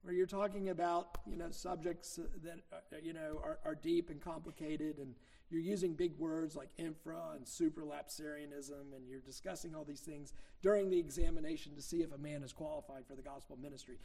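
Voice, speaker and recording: A man's voice: on the high side, fairly even intonation, fairly quick, creaky, dark tone. A middle-aged man preaching a sermon as a minister, teaching in a conversational way with anecdotes and leaning hard on key points.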